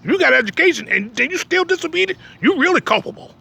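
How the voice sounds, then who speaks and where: A man's voice: extremely high pitch, big pitch swings, quick pace, vocal fry, bright, forceful tone. A man preaching in a blunt, emphatic way. He keeps asking "you understand me?" and drops streetwise jokes between points. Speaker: religious teacher. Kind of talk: preaching talk.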